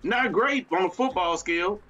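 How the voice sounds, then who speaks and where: A man's voice: sits high, normal speed, pushed and bright, muffled recording, soft background music. A man co-hosting a casual sports talk show, ranting in a fiery, exasperated way and breaking into laughter. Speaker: podcast co-host.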